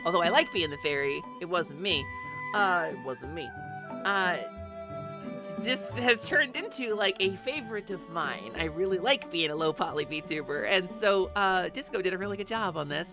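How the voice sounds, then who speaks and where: A woman streaming live and chatting casually with her viewers, excitable and talkative, swearing freely and breaking into sudden squeaky outbursts. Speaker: VTuber streamer. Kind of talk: casual livestream chat.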